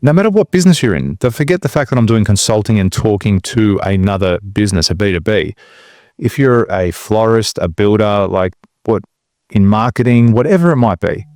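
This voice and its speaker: Low-voiced man telling stories on a podcast. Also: fairly quick, dry recording, studio quality. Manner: relaxed storytelling. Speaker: podcast co-host. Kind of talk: casual podcast chat.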